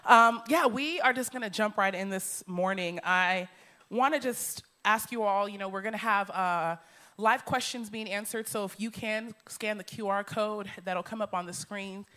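A woman's voice: medium pitch, moderate pace, pushed and bright. A woman hosting a church Q&A, introducing a guest and calling out to the congregation with energy. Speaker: church host interviewer.

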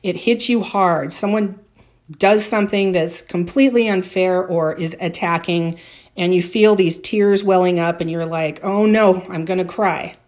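A woman's voice: on the low side, steady tone, a little slow, darkish tone. A middle-aged woman hosting a solo podcast, giving workplace advice in a direct, conversational way. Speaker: podcast host and workplace coach.

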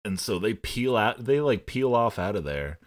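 A man's voice: on the low side, moderate pace. A man hosting a casual movie recap podcast, telling the plot with swearing and acted-out bits of the characters. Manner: animated storyteller who swears and acts out characters. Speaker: podcast host.

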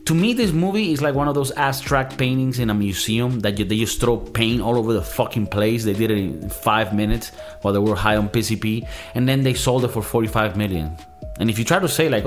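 A man's voice: medium pitch, lively intonation, fairly quick, soft background music. A man hosting a movie review show, ranting in a casual, profane, exasperated way.

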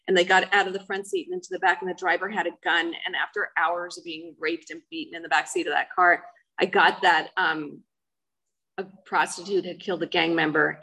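A woman's voice: deep voice, gravelly, pushed and bright, rough recording. A middle-aged woman giving a personal testimony talk, earnest and emotional, with many fillers. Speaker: speaker sharing her life story.

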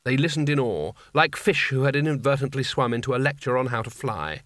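A man narrating an audiobook in a dry, measured storytelling manner. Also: medium pitch, animated, fairly bright tone, no room sound. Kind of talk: scripted narration.

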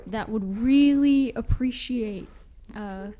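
Texan woman, wry and mellow. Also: on the high side, slow. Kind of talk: casual chat.

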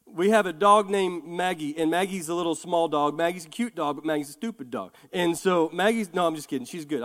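A man preaching a fervent sermon as pastor of a church, with bursts of shouting and quick joking asides. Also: on the high side. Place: church sanctuary. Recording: long church hall reverb.

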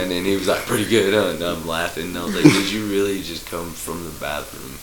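A man's voice: low voice, brisk, hardly any pauses, reverberant, crowd noise, poor audio. A man telling long, profane jokes and stories in a rambling, casual way, putting on voices for the people in them. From Idaho. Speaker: podcast guest, local musician. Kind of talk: casual storytelling.

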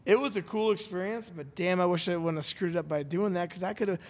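A man hosting a podcast, telling a story in a rambling, animated way and acting out what people said. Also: sits high, quick pace. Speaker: podcast host. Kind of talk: casual storytelling chat. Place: studio.

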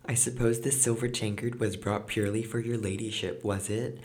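A proud, ill-bred girl from a fairy tale, haughty and sneering, as a man reading the story puts her on. Her voice stays low, close to the reader's own. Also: steady tone, normal speed, a little mellow, natural voice.

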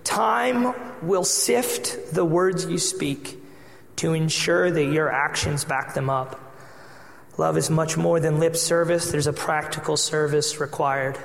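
A man preaching a sermon as pastor, telling a personal story with lively acted-out dialogue. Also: on the high side, slow, creaky. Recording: echoey hall with long reverb.

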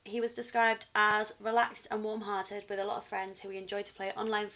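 A woman's voice: medium pitch, completely flat delivery, brisk, a bit bright. A young woman, a university student, co-hosting a podcast in casual chat and reading from her notes when she tells a case. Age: young adult. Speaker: podcast co-host.

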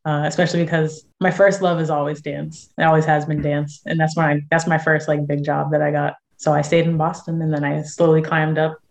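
A woman's voice: low-pitched, level tone, fairly quick, vocal fry, hardly any pauses, a little mellow. A young woman from San Diego, chatting casually as an interview guest, full of fillers and easy laughs. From San Diego, USA. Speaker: guest musician and actress.

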